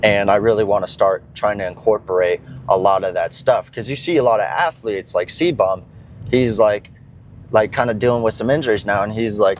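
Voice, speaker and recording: A young man with a low-pitched voice rambles casually to his vlog audience. He strings thoughts together with plenty of fillers and drops swear words offhandedly, while a faint background hum sits under the recording. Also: moderate pace, poor audio. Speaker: fitness vlogger.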